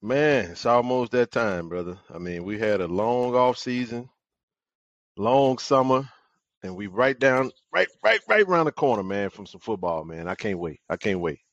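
A man chatting on a casual sports podcast, who repeats himself and talks in a drawn-out way. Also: lowish voice, expressive, no echo, muffled recording. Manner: repetitive, drawn-out, lots of "man".

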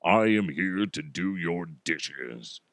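A man voicing a giant male robot leader in a slow, deep, commanding tone. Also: lively intonation, a bit bright, dry recording, exaggerated voice. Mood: solemn.

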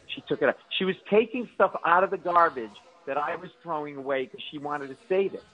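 Animated man spinning comic stories. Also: on the high side, fairly quick, dull audio. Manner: animated, self-mocking, exaggerated complaints. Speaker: comedian guest. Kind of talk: comic storytelling on radio.

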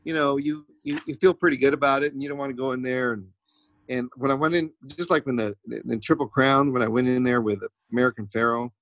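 Gravelly man, rambling guest. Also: mid-range voice, steady tone, fast talker, a bit bright, dry recording. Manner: rambling with many restarts. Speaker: racehorse trainer guest. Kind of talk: casual interview talk.

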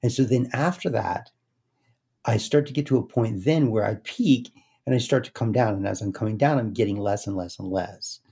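A man speaking as an interview guest in a slow, meditative way, often trailing into soft, quiet chanting. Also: on the low side, slightly rough. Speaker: guest, speaker and success coach. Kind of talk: casual interview talk.

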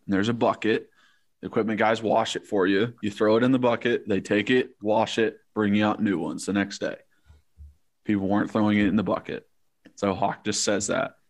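A man in his thirties, a former college football player, telling stories in an animated, profane way in casual chat. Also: on the low side.

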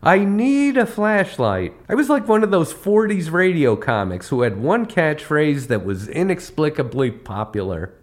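A man's voice: a little high, big pitch swings, normal speed, few pauses. A man hosting a podcast, telling comic travel stories with a wry, punchline-driven delivery. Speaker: podcast host. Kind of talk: comedic travel storytelling.

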